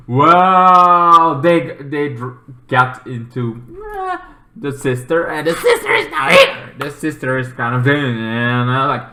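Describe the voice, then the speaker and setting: A man casually reviewing a TV episode, rambling and halting, with many fillers and restarts. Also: medium pitch, very animated, pushed and bright. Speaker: TV show reviewer. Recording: echoey room.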